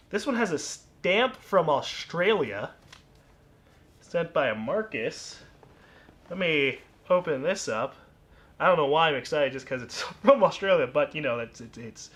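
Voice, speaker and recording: A YouTuber casually reading fan mail aloud, soft-spoken and musing, often trailing off quietly. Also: male voice, mid-range voice, a little hiss or hum.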